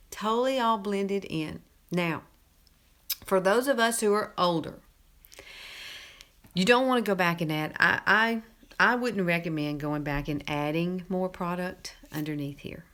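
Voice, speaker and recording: A woman's voice: fairly low pitch, unhurried, fairly bright tone. A middle-aged woman from Alabama with a Southern accent, hosting a casual makeup tutorial in a chatty, folksy way and repeating herself for emphasis. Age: 50s. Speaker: beauty tutorial host.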